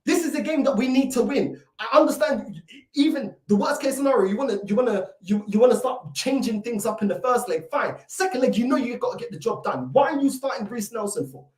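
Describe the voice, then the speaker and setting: A woman's voice: a little high, expressive, a little fast, darkish tone. A woman delivering a fuming, repetitive rant as a football fan reacting to a match. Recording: echoey room, mic at a distance.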